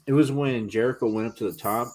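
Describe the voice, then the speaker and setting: A man's voice: medium pitch, fast talker. A man co-hosting a wrestling podcast, talking in casual, rambling chat with lots of fillers. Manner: excitable, rambling with many fillers. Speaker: podcast co-host.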